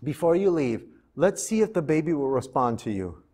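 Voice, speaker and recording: A man voicing a gracious Egyptian princess who speaks in a calm, kindly commanding way. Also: on the high side, normal speed. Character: gracious Egyptian princess, young adult woman.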